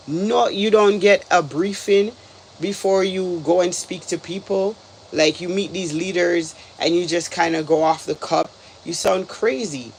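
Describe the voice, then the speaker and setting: A man's voice: sits high, gravelly. A man from Canada talking casually as a reaction video host, exasperated and rambling, with lots of "like"s. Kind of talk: casual commentary.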